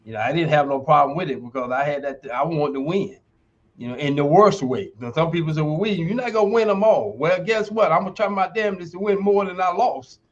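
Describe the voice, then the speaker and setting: On a podcast, an older former footballer who taught sports at a university tells stories briskly and emphatically in a slightly high voice, acting out what others said. He is in his sixties, and the dull, lo-fi audio resembles a streamed call.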